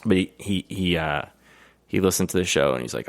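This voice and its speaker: A man's voice: low voice, animated, a little fast, creaky. A man in his thirties co-hosting a podcast, telling profane stories in casual chat and laughing often. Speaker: podcast co-host.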